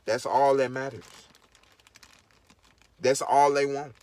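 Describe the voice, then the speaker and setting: A man's voice: mid-range voice, fairly even intonation, slow, pauses often, a little mellow. A man vlogging in casual to-camera commentary, emphatic and preachy, repeating his points over and over.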